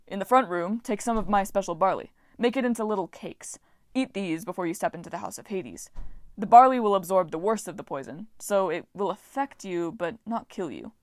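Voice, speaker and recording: A boastful male farm god booms and lectures with grand, dismissive flair, voiced by a woman narrator. The sound is dry and close, with a mid-range voice pushed loud. It is an audiobook reading. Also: fairly quick, no echo, natural voice. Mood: lecturing.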